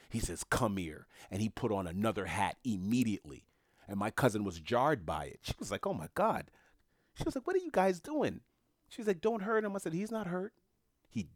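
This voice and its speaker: Deep-voiced man telling a story. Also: dry recording, clean studio sound. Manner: animated storyteller who acts out others' lines. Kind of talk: casual storytelling in conversation.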